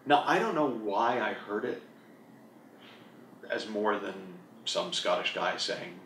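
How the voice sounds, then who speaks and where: A man's voice: lowish voice, expressive, slow pace, pauses often, fairly bright tone, slight background noise. A man, an author and group coach, answering an interview question in a candid, reflective, self-deprecating way. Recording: roomy echo, mic at a distance.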